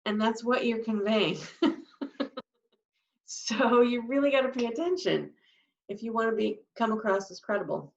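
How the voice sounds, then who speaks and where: Speaking at a moderate pace with long pauses, this sign language teacher has a slightly high, creaky voice. During her live class she explains signs demonstratively and voices the emotions she's showing. The audio is dull and lo-fi, picked up by a distant mic.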